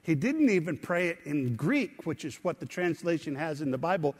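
A man's voice: a little high, animated, normal speed, darkish tone, husky, in a large hall. A middle-aged male pastor preaching a conversational sermon, often putting questions to the congregation. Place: church sanctuary.

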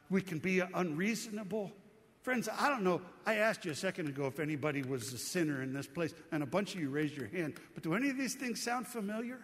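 A middle-aged male pastor with a high, fairly bright voice gives an earnest, conversational sermon in a church sanctuary, posing rhetorical questions to the congregation. Long reverb from the hall fills the recording.

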